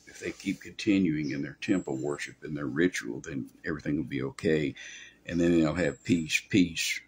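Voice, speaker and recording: A male preacher delivering a verse-by-verse sermon in a very low, gravelly voice. He talks in a folksy, rambling way, with homespun asides. His tone is a little husky. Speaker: pastor.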